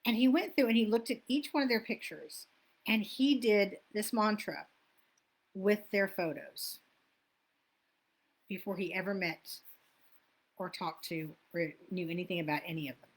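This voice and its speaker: A woman's voice: mid-range voice, moderate pace, pauses often. Chatty self-help coach woman. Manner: chatty, loses her place and laughs at herself. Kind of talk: casual teaching talk.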